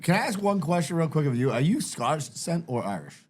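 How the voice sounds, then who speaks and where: A man's voice: a little high, big pitch swings, fast talker. A man hosting a podcast in casual chat, telling stories with plenty of swearing and "like, uh" fillers. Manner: profane, storytelling, fills with "like, uh".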